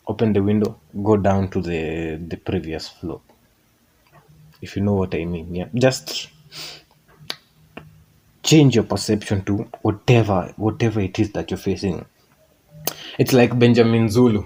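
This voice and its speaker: A low-voiced man talks slowly through a casual motivational monologue. He rambles and digresses, restarts phrases and corrects himself as he goes. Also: darkish tone, slightly rough.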